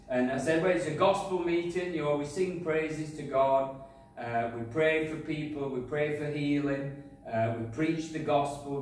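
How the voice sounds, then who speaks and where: A man preaching a sermon, telling a personal testimony, going from loud praise to quiet asides. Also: a little high. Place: church hall. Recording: echoey hall, from far off, faint noise.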